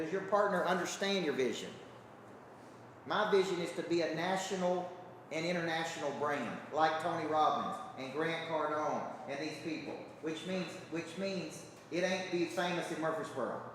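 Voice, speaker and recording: At a normal pace, a man with a voice on the high side coaches his seminar audience emphatically, repeatedly tossing them rhetorical check-ins. The large hall sounds echoey and far away, with a little hiss or hum.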